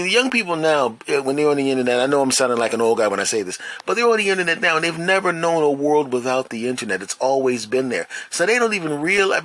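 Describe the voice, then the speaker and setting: A middle-aged man talks alone on his podcast, meandering from point to point. His storytelling is lively, and he often breaks off to poke fun at himself. His pitch sits in an ordinary middle range. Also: no room sound. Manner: rambling, animated storytelling with self-mocking asides. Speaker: podcast host. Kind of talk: solo podcast monologue.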